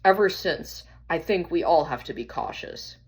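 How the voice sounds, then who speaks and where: A woman's voice: low-pitched, animated, moderate pace, husky, full character voice, low-quality recording. A woman voicing a bossy poodle leader, talking in an urgent, scornful, scheming way in a storybook reading.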